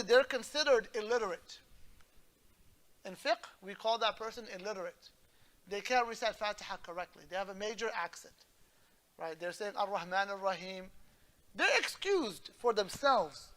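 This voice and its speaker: A man's voice: very high-pitched, sharp tone. A male imam giving a religious lesson, explaining patiently and often checking that his listeners follow. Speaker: imam teaching a class.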